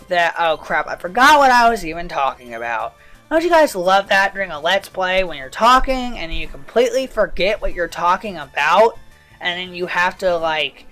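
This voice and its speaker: A woman's voice: medium pitch, fairly bright tone. Rambling woman in casual gameplay commentary. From Southern United States. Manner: rambling, drifting off on tangents. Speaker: let's player.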